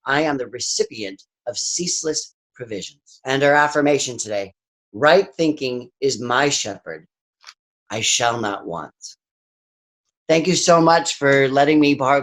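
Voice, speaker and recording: A man leads a spiritual reading with a calm, reflective delivery. His voice sits at an ordinary middle pitch, and he takes his time over each phrase. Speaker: service reader.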